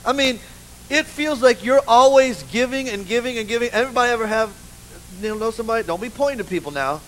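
A man preaching a sermon in church, an animated, humorous storyteller who keeps saying "you know". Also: very high-pitched, fast talker, a little hiss or hum, low-quality recording. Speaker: pastor. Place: church with a live congregation.

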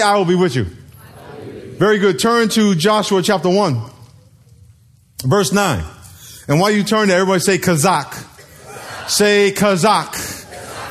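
Lively man preaching a sermon. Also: high voice. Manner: lively, calls for congregation responses, acts out quotes. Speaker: pastor.

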